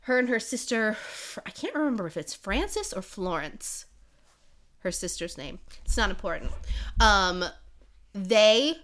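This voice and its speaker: A woman's voice: medium pitch, sing-song, measured pace, fairly bright tone. A woman co-hosting a podcast, casually recapping a book plot in a rambling way with lots of "um" and "like". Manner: rambling, full of "um" and "like". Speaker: podcast co-host.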